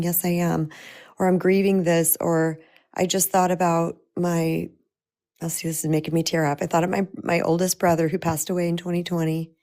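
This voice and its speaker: A woman's voice: lowish voice, a little mellow. A middle-aged woman, a spiritual empowerment coach, speaking in a heartfelt, personal way to viewers of a live-streamed talk, with frequent restarts.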